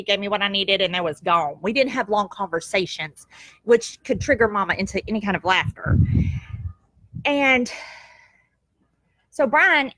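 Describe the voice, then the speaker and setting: Animated, fairly high-voiced middle-aged woman. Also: no room sound. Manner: animated, laughs easily, homespun phrasing. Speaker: vlogger telling a family story. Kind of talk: casual storytelling. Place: at home, goats nearby. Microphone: camera.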